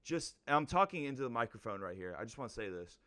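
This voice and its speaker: A young man co-hosting a podcast, talking in a measured, advice-giving way with lots of "like" fillers. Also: medium pitch, sing-song, sharp tone. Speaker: podcast co-host. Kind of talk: casual podcast chat.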